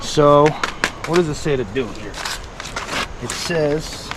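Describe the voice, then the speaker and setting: A man's voice: mid-range voice, lively intonation, takes it slowly, pauses often, noisy background. A man talking casually to his camera outdoors by his truck, rambling with lots of fillers as he tells a story. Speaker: volunteer vlogger.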